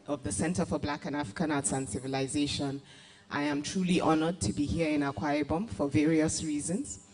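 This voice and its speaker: A woman's voice: deep voice, darkish tone. A woman giving a formal yet chatty speech at an award night, laughing often between points, into a stage mic in a large hall. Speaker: guest speaker, arts agency director.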